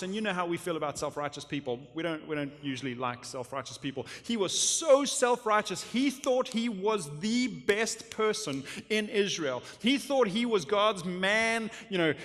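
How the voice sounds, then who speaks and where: A male pastor preaching a sermon, impassioned, moving from loud emphasis down to a hush. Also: high-pitched, a little slow, hardly any pauses. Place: church. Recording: long church hall reverb.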